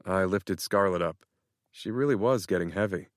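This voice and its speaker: A male audiobook narrator with a fairly low voice, reading in the first person at a measured, even pace. He sits close to the mic. The sound is dry and free of any room echo.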